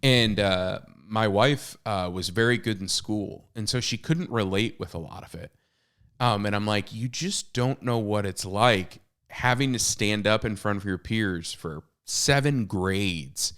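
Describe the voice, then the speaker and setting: A man's voice: fairly low pitch, unhurried, fairly bright tone, smooth. A man in his thirties talking candidly on a podcast, telling stories with plenty of fillers and restarts. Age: 30s. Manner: candid, self-deprecating storytelling with many fillers and restarts. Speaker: podcast co-host and author. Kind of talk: casual podcast conversation.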